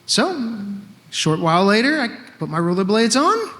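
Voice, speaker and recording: A man's voice: high voice, big pitch swings, normal speed, sharp tone, in a large hall. A man in his fifties telling a true story on stage in a conversational, wry way, acting out bits of dialogue. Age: 50s. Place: live event stage in a hall.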